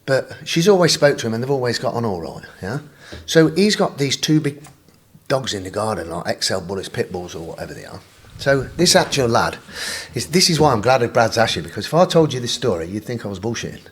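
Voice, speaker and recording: A man, a podcast guest, telling a wild story in an animated way, laughing and swearing freely. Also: medium pitch, a little fast, a little hiss or hum. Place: podcast studio.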